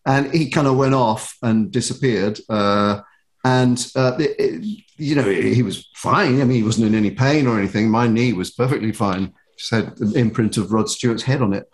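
Man, podcast guest, mid-pitched, animated storyteller who stumbles and restarts. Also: normal speed. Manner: self-deprecating, animated, many restarts. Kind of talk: anecdotal storytelling.

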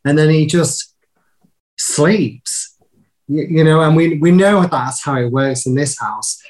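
A man's voice: fairly high pitch, slow, a little mellow, poor audio. Chatty male podcast host. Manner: chatty and candid, with small restarts. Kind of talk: casual podcast chat.

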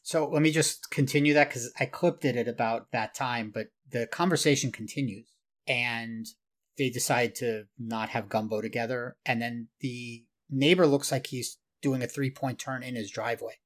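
A man's voice: mid-range voice, fairly even intonation, moderate pace, a bit bright. A man co-hosting a podcast, retelling a video clip in detail and explaining, sometimes laughing at himself. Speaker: podcast co-host. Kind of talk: casual podcast discussion.

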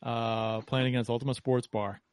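A man co-hosting a casual podcast, telling a story in a relaxed way and laughing easily. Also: medium pitch, moderate pace, slight background noise. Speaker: podcast co-host.

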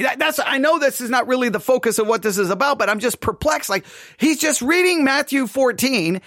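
A podcast host gives critical commentary on a sermon, sounding perplexed and questioning and often stammering as he restarts his thoughts. His voice is very high-pitched, brisk, and fairly bright. The sound is clean studio audio with no echo.

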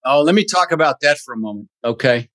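A man's voice: a little high, animated, quick pace, fairly bright tone, dry recording. A man talking as an interview guest, emphatic and motivational, blunt and a little profane. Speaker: podcast guest, real estate investor. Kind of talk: energetic interview talk.

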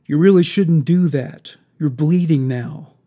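A man playing a coldly calm killer. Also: on the high side, unhurried. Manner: soft-spoken, coldly menacing. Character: calm, mocking male killer.

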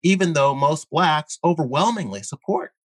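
A man speaking as a guest in an interview, explaining his views earnestly while halting often with fillers and repeated words. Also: fairly high pitch, animated, dry recording. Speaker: guest columnist. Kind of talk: conversational interview.

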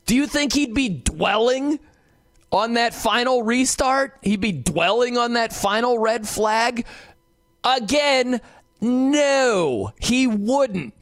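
A man guest-hosting a sports talk radio show, giving an opinionated monologue and mimicking people in quick asides. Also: very high voice, expressive, fairly bright tone, no echo, clean studio sound.

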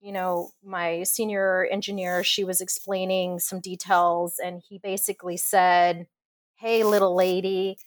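A woman engineer guest on a podcast interview, talking in a passionate, expressive way and laughing often. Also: lowish voice, unhurried, hardly any pauses, no echo. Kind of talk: casual interview conversation.

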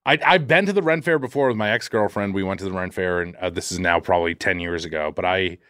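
A man's voice: low-pitched, fast talker, a bit bright, clear, resonant tone, no room sound, studio quality. A man co-hosting a podcast, chatting casually in a joking, wry way. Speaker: co-host.

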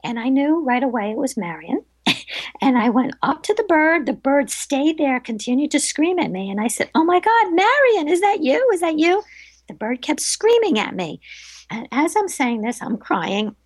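A middle-aged woman, a medium being interviewed, who tells stories in a lively way and acts out the voices of the people in them. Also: high voice, moderate pace, breathy edge, dry recording. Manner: animated storyteller, acts out quoted voices. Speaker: psychic medium guest. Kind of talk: casual interview storytelling.

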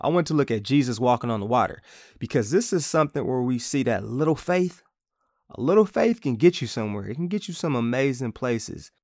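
A man leads an informal Bible teaching for his podcast, speaking in a relaxed, chatty way. His voice sits at a middle pitch. The recording is dry, with no room echo. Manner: casual, conversational, acts out quotes playfully.

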